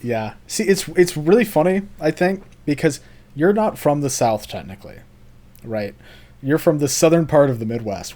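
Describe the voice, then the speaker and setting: A man from Alabama co-hosting a casual podcast. He talks in a laid-back, rambling way, often trailing off quietly. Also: a little high, expressive, normal speed. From Alabama, USA. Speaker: podcast co-host.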